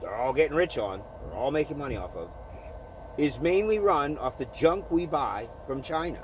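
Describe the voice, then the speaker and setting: Fiery, animated man ranting. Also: on the high side, normal speed, slight background noise. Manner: profane, heated, repetitive ranting. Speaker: vlogger. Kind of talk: angry political rant.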